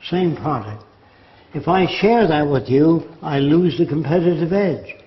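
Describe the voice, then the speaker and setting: A man's voice: on the high side, lively intonation, unhurried. An older man giving a lecture-style talk, sardonic and mocking as he mimics quotes. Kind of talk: lecture monologue. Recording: echoey room, dull lo-fi sound.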